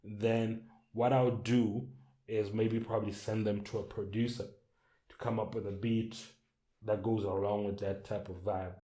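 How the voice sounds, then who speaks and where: A man's voice: fairly low pitch, flat delivery, moderate pace, warm tone, roomy sound. A man who writes songs, talking casually to camera in a loose, rambling way. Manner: loose, rambling, hums and sings melody ideas. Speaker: songwriter.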